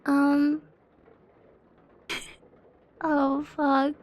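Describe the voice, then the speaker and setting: Young female streamer, nervous and close to tears; very high voice, slow and giggly. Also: monotone. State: shaky and near tears. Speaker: livestreamer. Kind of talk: casual live-stream chat.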